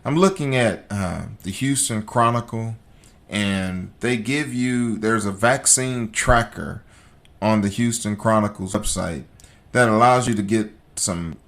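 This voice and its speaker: A man's voice: fairly low pitch, a little slow. Man, podcast host. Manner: fired up and emphatic, preacher-like repetition; calm and conversational in sponsor reads. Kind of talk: opinionated podcast commentary.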